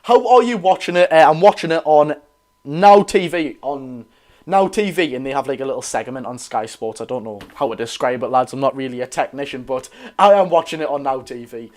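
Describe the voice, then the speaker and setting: A young man with a Geordie accent hosting a live football watch-along, chatting excitably with viewers while chesty and coughing. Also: medium pitch, fairly quick. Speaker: football fan channel host.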